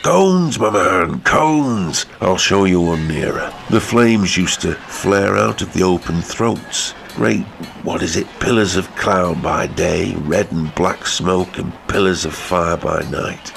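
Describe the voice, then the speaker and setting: A man playing a jealous, domineering ironworks owner who talks forcefully and abruptly, in an audiobook. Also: deep voice, steady tone, unhurried, creaky, hardly any pauses, a little hiss or hum. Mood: grim relish. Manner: forceful, abrupt, suddenly talkative.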